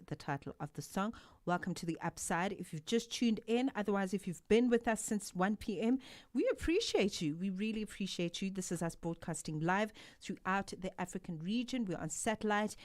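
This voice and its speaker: A woman's voice: fairly low pitch, a little mellow. A woman hosting a live drive-time radio show from a studio, upbeat and enthusiastic as she introduces a guest. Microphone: studio microphone.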